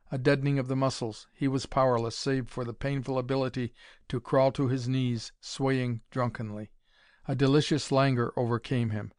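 A man's voice: medium pitch, darkish tone, clean tone, no echo, clean studio sound. Man narrating a dramatic pulp story.

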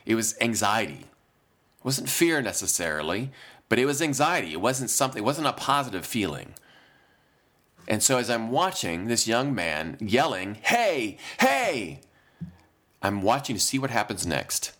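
A man's voice: lowish voice, very animated, normal speed, a bit bright. A man preaching a sermon, earnest and reflective, often restarting his phrases. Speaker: pastor.

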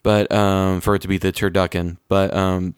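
A man's voice: low voice, level tone, moderate pace, clear, resonant tone, no room sound, clean studio sound. A man co-hosting a casual podcast chat, crude and joking, rambling with restarts. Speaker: podcast co-host. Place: lives in Florida. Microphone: own dedicated microphone.

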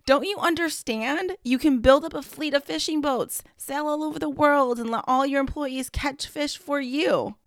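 A woman's voice: medium pitch, brisk, hardly any pauses, a bit bright, no echo, clean studio sound, lightly acted. Woman reading as a pushy, angry businessman. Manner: insistent, lecturing, growing angrier. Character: pushy, irritable businessman, adult male. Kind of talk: storybook read-aloud.

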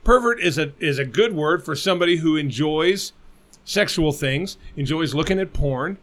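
A man co-hosts a crude, casual podcast, pitched a bit above the usual male range. He talks bluntly and profanely, treating silly ideas like a serious cause. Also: lively intonation, moderate pace, fairly bright tone. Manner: blunt, profane, mock-crusading. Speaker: podcast co-host.

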